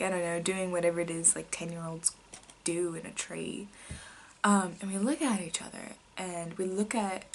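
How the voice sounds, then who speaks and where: Young woman, casual vlog storytelling, lots of likes and ums, mid pitch, slight background hiss. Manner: rambling, filler-heavy, drops to soft whispers at times. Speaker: vlogger.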